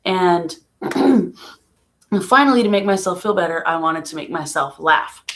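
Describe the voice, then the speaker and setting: A woman talking casually on a home live stream about a painful loss, emotional and soft-spoken, laughing through sadness at times. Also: on the low side, expressive, measured pace. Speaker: vlogger.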